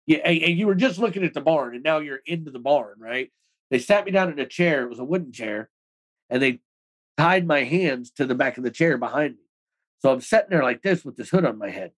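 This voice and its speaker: A man speaking as an interview guest, telling his own story in rapid, loose talk with many "like"s and plenty of swearing. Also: fairly high pitch, animated, poor audio. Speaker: interview guest, former extremist. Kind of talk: casual storytelling in a podcast interview.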